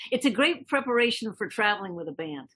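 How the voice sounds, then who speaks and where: An older woman from Massachusetts, guesting on a podcast, speaks slowly and reflectively. She often trails off and searches for words with "uh" and "you know". Her voice has a soft, husky edge. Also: mid-range voice, very animated, poor audio. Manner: warm, reflective, trailing off with fillers. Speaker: guest musician. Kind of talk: casual interview chat.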